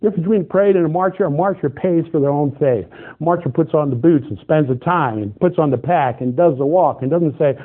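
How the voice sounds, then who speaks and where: Man, middle-aged pastor, sermon, animated storytelling, slightly high voice, tinny narrow sound. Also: fast talker, husky. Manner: animated storytelling, shifts to loud excited outbursts. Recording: tinny phone-like band.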